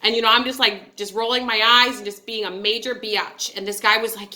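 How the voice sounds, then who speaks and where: Bright-voiced woman telling a candid story. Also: fairly high pitch, little pitch movement, fairly quick, few pauses. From upstate New York. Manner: candid, chatty and digressive, with frequent asides. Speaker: vlogger. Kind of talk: casual storytelling.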